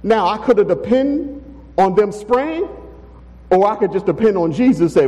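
A pastor preaches with an unusually high, mellow voice, pressing his congregation with rhetorical questions. He speaks emphatically from the pulpit. His words ring out with the long reverb of a church sanctuary. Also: big pitch swings, a little slow, long pauses, lo-fi sound. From Texas. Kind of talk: sermon.

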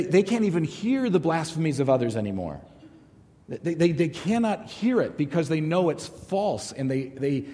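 A middle-aged man leads a Bible study in a church hall, his mellow voice swinging lively up and down as he tells stories and jokes. His talk rings with a long reverb from the hall around him. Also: on the high side. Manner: conversational, animated storytelling with jokes. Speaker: Bible teacher.

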